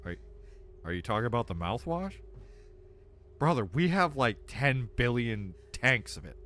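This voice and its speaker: Animated, bright-voiced young man gaming. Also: medium pitch, a little slow. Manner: animated, joking, laughs often. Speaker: let's play streamer. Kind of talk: casual game commentary.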